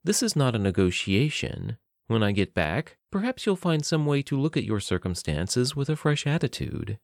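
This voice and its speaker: A man's voice: medium pitch, big pitch swings, normal speed, gravelly, no echo, studio quality. A smug, scheming male captor, read by a narrator.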